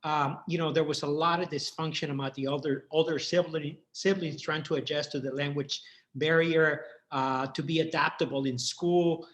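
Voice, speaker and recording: Brief: middle-aged man from Mexico, fairly high voice, earnest and heartfelt guest. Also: fairly even intonation, moderate pace, a bit bright. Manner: earnest, heartfelt, many repeated starts. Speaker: guest, entrepreneur. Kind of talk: personal life story in interview.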